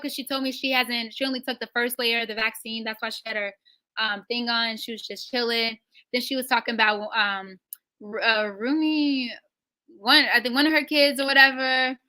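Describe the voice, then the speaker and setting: A young adult woman, an actress, telling stories in a casual interview. She is animated, acts out quoted lines and uses many fillers. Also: a little high, normal speed. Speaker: actress guest.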